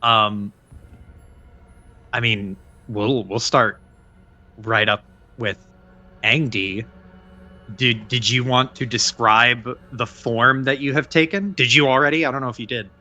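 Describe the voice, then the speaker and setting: A man running a tabletop game as game master, narrating in a relaxed, halting way. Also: medium pitch, muffled recording.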